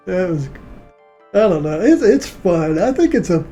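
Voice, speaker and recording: A man's voice: sits high, very animated, takes it slowly, long pauses, faint music behind. Rambling, laughing male streamer. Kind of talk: casual chat while working on art.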